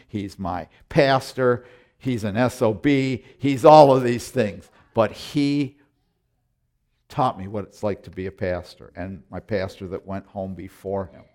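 A middle-aged pastor delivers a sermon emphatically, often repeating words and swinging between loud declarations and hushed, tender moments. His voice is lowish.

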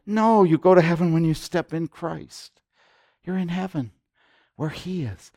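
A man preaching as pastor, emphatic and repetitive, his voice swelling loud on key points. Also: medium pitch, steady tone, fairly quick, dry recording, studio quality. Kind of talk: sermon.

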